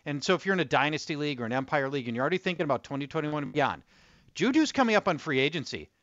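A man's voice: on the high side, sing-song, fairly bright tone, no echo. Man giving football analysis over a phone. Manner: brisk, stat-heavy, hedging restarts. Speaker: fantasy football analyst guest. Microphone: phone line. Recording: muffled phone line.

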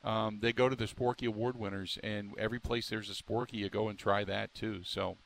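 A man's voice: on the low side, fairly even intonation, fairly quick, creaky. A man hosting a sports talk radio show, rambling and emphatic, stumbling through restarts as he riffs on the local team.

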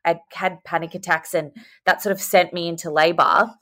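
A woman's voice: fairly low pitch, normal speed. Chatty young woman on a video call. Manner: chatty, animated storytelling. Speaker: podcast guest. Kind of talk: casual chat.

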